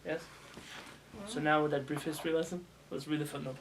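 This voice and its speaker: A man, a rabbi, giving a casual spoken lesson to students, animated and asking them questions as he goes. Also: a little high, fairly quick, gravelly, background noise. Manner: animated, demonstrates pronunciations with raised voice; asks students questions as he teaches. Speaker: rabbi teaching a class. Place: classroom with students.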